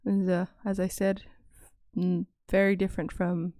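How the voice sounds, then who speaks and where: A young woman, patiently teaching classroom phrases and repeating each one slowly for learners. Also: medium pitch, level tone, warm tone, no room sound, clean studio sound. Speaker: language teacher. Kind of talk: recorded language lesson.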